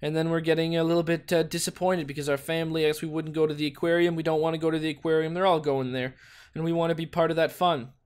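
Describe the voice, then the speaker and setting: Excitable man narrating gameplay. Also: a little high, fast, clean tone. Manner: excitable, exclaims and swears often. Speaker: gaming video host. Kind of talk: casual gameplay commentary. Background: faint background music.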